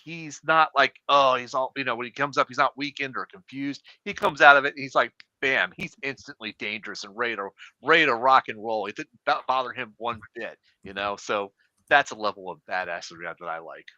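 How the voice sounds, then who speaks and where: A man's voice: mid-range voice, brisk, bright, forceful tone, dry recording. A man hosting a casual podcast chat, talking eagerly with plenty of fillers. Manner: enthusiastic, filler-heavy. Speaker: podcast host. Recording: slightly dull lo-fi sound.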